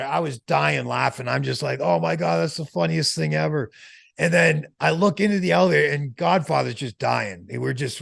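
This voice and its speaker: Guy telling a wild story in an interview, really gravelly, dry close sound. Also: fairly high pitch, no echo. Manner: animated anecdote-telling, slangy. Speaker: interview guest.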